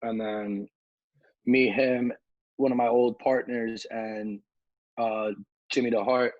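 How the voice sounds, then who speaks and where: A man, a nightlife promoter, telling lively stories on a podcast, acting out the people he quotes. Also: medium pitch, slow, no room sound, lo-fi sound. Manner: animated storyteller, acts out quotes, many fillers like "like". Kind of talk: casual podcast storytelling.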